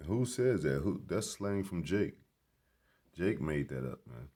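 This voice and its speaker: Man with a super deep low voice, rambling and preachy, blunt, cusses a lot, talking at the grocery store. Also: big pitch swings, measured pace, warm tone. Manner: emphatic, preachy, blunt with swearing. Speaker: vlogger. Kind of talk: casual rambling commentary.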